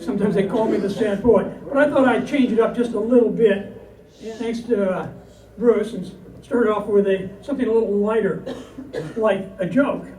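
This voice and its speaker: A man's voice: high voice, mellow. A man performing as a cowboy poet before a live audience, telling jokes and reciting verse in a folksy storytelling manner. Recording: roomy hall from a distance.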